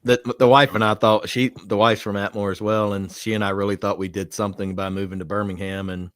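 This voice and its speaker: Deep-voiced Alabama man, chatty. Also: flat delivery, fairly quick, fairly bright tone, no room sound, studio quality. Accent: Southern US (Alabama). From South Alabama, USA. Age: middle-aged. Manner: chatty, storytelling, self-deprecating. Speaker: guest on whiskey livestream. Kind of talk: casual chat.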